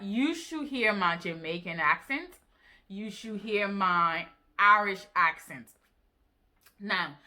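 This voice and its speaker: A woman vlogger casually recounting an online exchange, animated and incredulous, with rhetorical questions to her viewers. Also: medium pitch. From Africa. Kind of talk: casual storytelling to camera.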